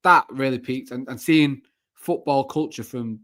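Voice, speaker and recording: A young man with a Mancunian accent talks freely about football, circling back through fillers and restarted phrases. His pitch sits in an ordinary middle male range, and the chat stays loose and candid. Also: a little slow, a bit bright. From Manchester, England. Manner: chatty, rambling, frequent fillers and restarts. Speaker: podcast guest, football fan content creator. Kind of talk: casual chat.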